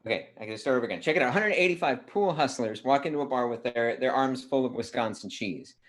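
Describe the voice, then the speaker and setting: A man's voice: mid-range voice, animated, quick pace, fairly bright tone. A man performing improvised jokes over a video call, with rambling setups full of fillers and restarts.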